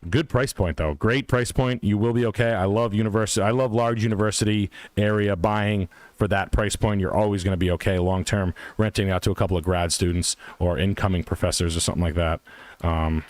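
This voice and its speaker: A man hosting a live stream as a realtor, talking quickly and jokily with profanity. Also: low voice, steady tone, no echo. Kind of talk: casual live-stream commentary.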